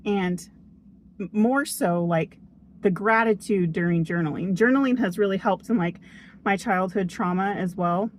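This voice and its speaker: A woman's voice: mid-range voice, normal speed, a little hiss or hum. A young woman giving a motivational talk to camera, earnest and chatty, often checking in with "okay?". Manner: earnest and upbeat, chatty, frequent "okay?" and "oh my gosh". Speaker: vlogger. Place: outdoors near a tree.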